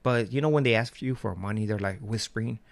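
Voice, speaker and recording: A man's voice: on the low side, fast talker, creaky. A man vlogging in a casual, profane rant, telling street-slang stories with frequent laughter.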